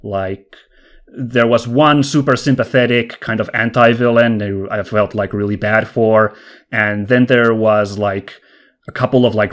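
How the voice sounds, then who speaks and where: Chatty enthusiastic man on a podcast. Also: mid-range voice. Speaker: podcast co-host. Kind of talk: casual podcast chat about video games.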